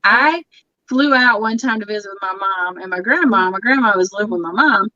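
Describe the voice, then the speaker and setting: A woman's voice: mid-range voice, a little fast, bright, forceful tone, lo-fi sound. A woman podcast host telling stories in casual chat, laughing often. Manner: chatty storyteller, laughs often.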